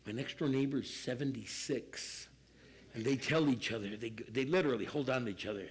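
An older man preaching as pastor, animated and acting out people in quick asides. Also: medium pitch, husky, poor audio. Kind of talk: sermon.

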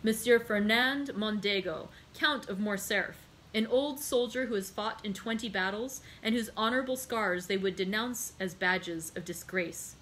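A woman's voice: medium pitch, moderate pace, few pauses, fairly bright tone, a little hiss or hum, close to an everyday voice. A woman reading the part of a proud young male viscount who speaks coldly and formally in a storybook reading. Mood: indignant. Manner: cold, formal, insistent.

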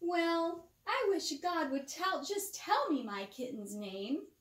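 A woman's voice: very high voice, sing-song, slow, a bit bright, voice pushed up, heavily acted. A woman voicing a cheerful young girl in a storybook reading, recorded with a roomy echo.

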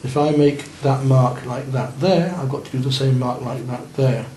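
A man's voice: medium pitch, steady tone, moderate pace, warm tone. Man coaching a painting class. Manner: coaching and encouraging, checking on students' work. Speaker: art teacher. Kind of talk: live painting lesson for beginners. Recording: roomy room with faint noise.

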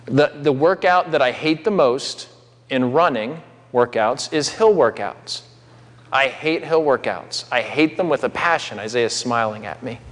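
A man's voice: mid-range voice, unhurried. Male preacher in a reverberant hall. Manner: conversational, with asides to the congregation. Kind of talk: sermon. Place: church sanctuary.

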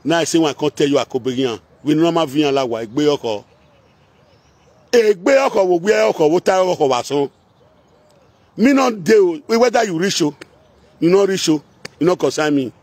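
A man's voice: a little high, animated, brisk, pauses often, darkish tone, breathy edge, dry recording. A man with a Nigerian Pidgin Edo accent, delivering a confrontational rant that slips into singsong chanting and repetition. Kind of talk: heated rant mixing chant and speech.

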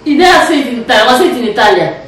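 A woman's voice: a little high, sing-song, very fast, fairly bright tone, distant mic. A woman with a Nigerian accent, chatting and teasing in a casual family vlog, laughing often. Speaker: vlog host, mother. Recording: echoey room, off-mic.

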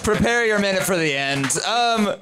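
A man's voice: sits high, expressive, normal speed. A man hosting and judging a comedy competition in a club, talking casually with a lot of fillers. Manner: casual, hesitant, lots of fillers. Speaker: comedy competition host and judge. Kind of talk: judge's feedback and hosting. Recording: noisy live club recording.

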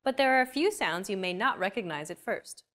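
A woman hosting a language lesson, explaining pronunciation in a clear, even, scripted way. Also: medium pitch, a little fast. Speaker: lesson host.

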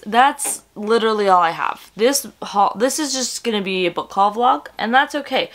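A woman's voice: mid-range voice, a little hiss or hum. Gushing woman in a chatty book vlog. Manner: gushing and excitable, gasps and breathy whispers. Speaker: book vlogger. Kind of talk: casual vlog chat.

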